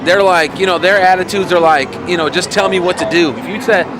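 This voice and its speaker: A man's voice: sits high, brisk, over music. A man, a youth pastor, talking casually in an interview, rambling with many fillers and restarts. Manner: rambling, full of "you know" fillers and restarts.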